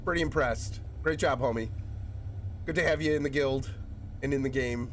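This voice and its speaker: A man's voice: mid-range voice, normal speed, a bit bright, slight background noise. A man streaming a game, joking and greeting viewers by name, while getting over a chest cold that makes him cough. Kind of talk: casual chat with viewers while gaming.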